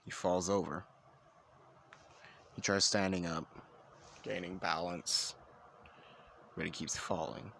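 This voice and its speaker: A man with a very low voice narrates an improvised fan story casually. He rambles, restarts his sentences and drops in asides. A faint hiss sits under the recording. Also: flat delivery, slow, gravelly, long pauses, a bit bright.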